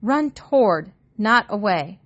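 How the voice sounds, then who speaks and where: Knowing, gentle dream mother urging her son on, read by a woman. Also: medium pitch, animated, slow, muffled recording. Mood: urgent, tender.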